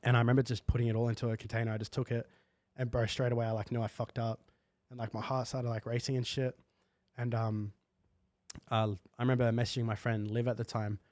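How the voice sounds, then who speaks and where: A man's voice: mid-range voice, flat delivery, quick pace, darkish tone, dry recording. Young man, dry close sound. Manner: casual slangy storytelling with many fillers. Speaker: guest. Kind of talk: candid podcast conversation.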